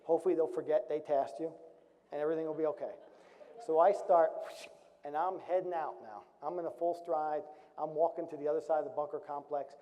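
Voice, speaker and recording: A middle-aged retired Marine officer tells a serious story from his service during a storytelling talk, lacing it with wry, dry humor. His voice is on the high side, with fairly even intonation and a fairly quick pace. The recording is dull and carries a long hall reverb.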